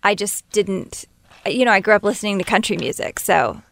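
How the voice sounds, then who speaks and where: A woman singer-songwriter telling stories as an interview guest, chatty and quick to laugh, acting out what others said in a lively voice. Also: mid-range voice, gravelly, dry recording. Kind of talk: casual interview storytelling.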